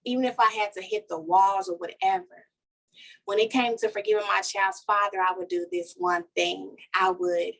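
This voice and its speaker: A woman, a life coach guesting on a podcast, telling a personal story in a lively, heartfelt way and talking straight to listeners. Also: medium pitch, moderate pace, creaky. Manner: animated storytelling, talks to listeners as "y'all". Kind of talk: casual podcast conversation, personal testimony.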